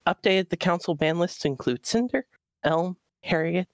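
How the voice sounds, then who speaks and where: A man's voice: high voice, normal speed, no echo. A man voicing a dutiful robot girl who reads out minutes in a formal, precise manner.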